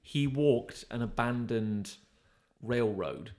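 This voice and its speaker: A male podcast co-host chats casually and rambles, full of fillers and restarts. He takes it slowly in a medium-pitched, slightly mellow voice.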